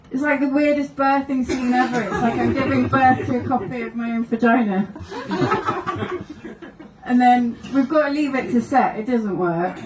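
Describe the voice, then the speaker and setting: A woman's voice: a little high, normal speed, reverberant, distant mic, a little hiss or hum, rough recording. A woman doing stand-up, telling wry anecdotes and laughing through her stories at a live comedy venue. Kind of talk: stand-up storytelling.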